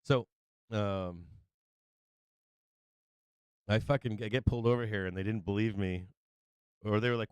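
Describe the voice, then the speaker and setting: A low-pitched man with a clean, resonant voice rambles through a casual story, swearing freely and doubling back on his words. His voice is close and dry, with no room sound around it. He talks the way a live stream host chats with his viewers. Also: steady tone, unhurried, long pauses, clear, resonant tone, dry recording. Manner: loose and profane, with many restarts and laughs.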